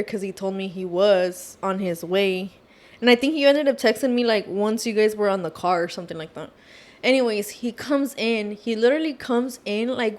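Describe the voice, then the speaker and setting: A woman guest on a podcast, retelling a story in an animated casual way, mixing in Spanish phrases. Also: mid-range voice.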